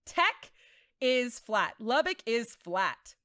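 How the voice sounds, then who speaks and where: A woman from Texas hosts a podcast in a bright, higher-pitched voice, telling casual stories with big dramatic flair. She laughs easily and throws herself into every tale. The sound is close and dry, with no room echo. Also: slow pace. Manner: animated and self-admittedly dramatic, laughs often. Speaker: podcast host. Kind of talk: casual storytelling chat.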